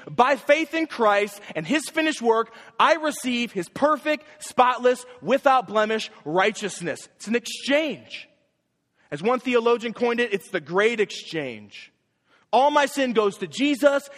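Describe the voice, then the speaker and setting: A young adults pastor with a high, slightly bright voice preaches a sermon, pitching up sharply on every key point. His emphatic words ring through a church hall, trailing off in long reverb.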